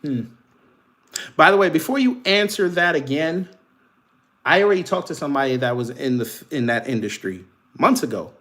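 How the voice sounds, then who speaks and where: A man's voice: on the high side, expressive, moderate pace, fairly bright tone. Man, vernacular american accent, livestream host, casual commentary, mocking, trash-talks chat. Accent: African American Vernacular English.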